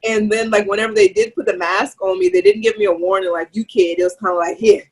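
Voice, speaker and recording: A woman's voice: mid-range voice, steady tone, fast talker, breathy edge, low-quality recording. A young woman co-host candidly telling a personal story, swearing freely and filling her talk with "like.". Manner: swears freely, many "like" fillers. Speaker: podcast co-host.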